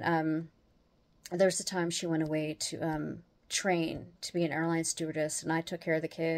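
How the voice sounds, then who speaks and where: Lowish-voiced woman telling a story. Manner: animated, acts out the other people's lines as she retells them; laughs often while telling. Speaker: host. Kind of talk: casual storytelling monologue.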